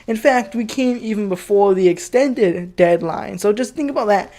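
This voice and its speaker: A man's voice: sits high, normal speed, mellow. A young man telling a personal story as a profane, heated rant, rambling with many fillers. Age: young adult.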